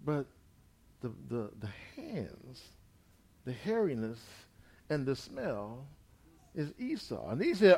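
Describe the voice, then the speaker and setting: A man preaching a sermon. He retells a scripture story in his own words, dropping in "amen" and swinging between loud and quiet. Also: on the high side, huge pitch swings, slow, creaky, pauses often.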